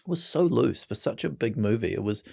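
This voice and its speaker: A man's voice: mid-range voice, animated, normal speed, creaky, darkish tone. A middle-aged man with a New Zealand accent, a guest telling rambling, self-mocking stories in casual chat. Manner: rambling, self-mocking storyteller who laughs often.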